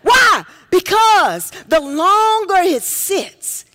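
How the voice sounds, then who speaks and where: A woman preacher with a high voice delivers an unhurried sermon. She talks straight to the congregation in a folksy way, calling for responses and swinging from rising shouts down to hushed, close lines. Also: expressive. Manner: dynamic, swings from shouts to near-whispers.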